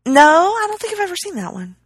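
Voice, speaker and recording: A woman's voice: very high-pitched, big pitch swings, fast talker. A woman co-hosting a podcast in casual chat, making wry jokes. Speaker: podcast co-host.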